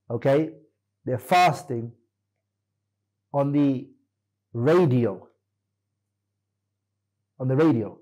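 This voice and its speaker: Mellow, husky man quizzing his students. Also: mid-range voice, rough recording. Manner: questioning, corrects students firmly. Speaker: Islamic teacher. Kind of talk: classroom lesson quizzing students.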